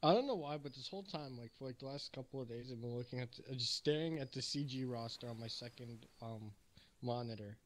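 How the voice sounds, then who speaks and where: A man's voice: mid-range voice, fast. A man from New York telling crude, profane stories in casual voice chat while gaming. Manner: profane, storytelling, laughs often. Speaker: gamer on voice chat.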